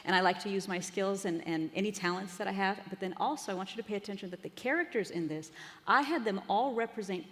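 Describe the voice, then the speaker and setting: In a reverberant hall, a woman with a mid-range, slightly bright voice talks fast through a live marketing presentation. Her delivery from the conference stage is upbeat and chatty as she addresses the audience.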